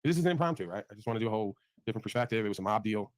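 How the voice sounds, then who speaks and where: Crude streamer guy laughing, mimics folks, talks super fast, dry mic. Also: on the low side, expressive, dry recording. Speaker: livestream host. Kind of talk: casual chat.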